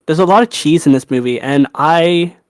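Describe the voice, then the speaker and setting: A young man co-hosting a podcast in casual chat, animated, laughing and swearing freely. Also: on the high side, moderate pace, no room sound. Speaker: podcast co-host.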